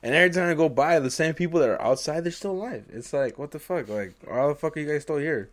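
This podcast co-host, a young man, keeps up a profane, rambling stream of talk, laughing a lot and performing quotes. His voice is on the high side and his pace is quick.

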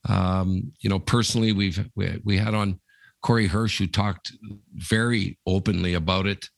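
A man's voice: low voice, steady tone, normal speed, vocal fry, no room sound, studio quality. A man co-hosting a podcast, telling stories in a rambling, casual way with lots of fillers. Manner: rambling storyteller, many fillers. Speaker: podcast co-host. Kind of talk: casual chat.

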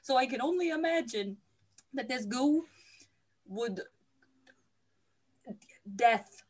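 A woman's voice: high-pitched, expressive, takes it slowly, a little mellow, breathy edge. A woman hosting a comedic movie recap, joking and giggling through playful asides. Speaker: podcast host.

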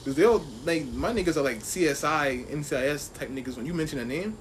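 A man's voice: on the high side, a little hiss or hum. A young man co-hosting a podcast, chatting casually with lots of slang and frequent laughter. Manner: fast, joking, slangy, laughs often. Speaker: podcast co-host. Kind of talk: casual chat.

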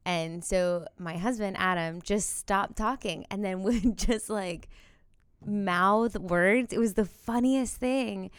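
Clear-voiced woman co-hosting a podcast. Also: mid-range voice, takes it slowly, no echo, studio quality. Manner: lively, laughs easily, tells family anecdotes. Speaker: podcast co-host. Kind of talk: casual podcast chat.

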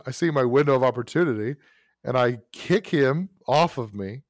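Rambling casual storyteller, dry sound. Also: male voice, medium pitch, moderate pace, no room sound. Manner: rambling, self-correcting anecdote with frequent asides. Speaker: podcast host telling a story.

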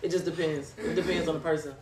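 Candid young man, laughing, high voice, set back in an echoey room. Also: fairly even intonation, fast talker, far from the mic. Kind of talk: casual group chat. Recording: echoey room, off-mic with crowd.

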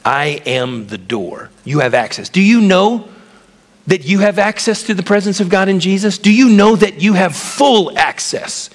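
A man preaching a sermon in a somewhat higher voice, his words ringing out through a big reverberant hall. He teaches point by point and keeps asking his listeners questions. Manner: teaching, asks the congregation questions, builds emphasis with lists. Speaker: pastor.

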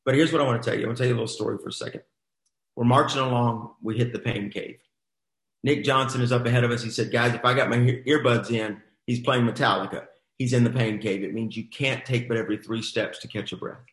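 Brief: middle-aged male motivational host, repeats lines for emphasis, mid pitch, echoey room. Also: a bit bright. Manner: emphatic, exhorting, repeats phrases. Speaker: host of a coaching boot camp. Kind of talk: motivational storytelling.

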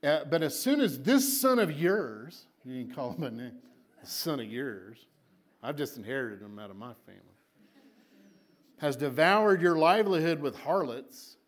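A man preaching a sermon to a congregation. He tells the story dramatically, repeats words for emphasis, and swings between loud and soft. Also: a little high, animated, normal speed. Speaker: pastor.

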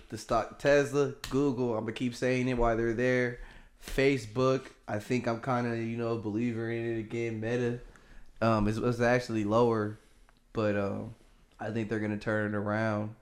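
رجل هادئ يتحدث بعامية وتردد. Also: male voice, medium pitch, slight background noise. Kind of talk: casual banter.

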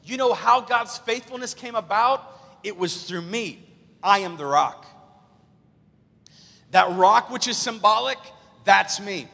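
A preacher putting on a fervent self-proclaiming teacher. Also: male voice, sits high, animated, measured pace, gravelly, pauses often, heavily acted. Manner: loud, declaiming. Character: fervent adult male teacher proclaiming himself. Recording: long church hall reverb.

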